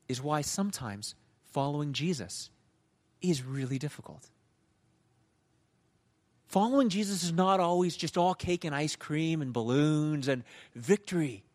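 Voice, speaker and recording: A male pastor preaching a sermon in a conversational, animated storytelling manner. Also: a little high.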